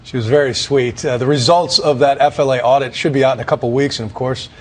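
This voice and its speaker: A man reporting a news story, narrating in an earnest, measured way and then talking it over in the studio. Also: mid-range voice, fairly even intonation.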